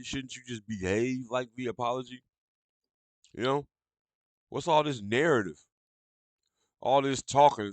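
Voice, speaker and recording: A man's voice: mid-range voice, no room sound. A young adult man hosting a podcast, delivering a blunt, profane, ranting monologue in casual talk. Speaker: podcast host.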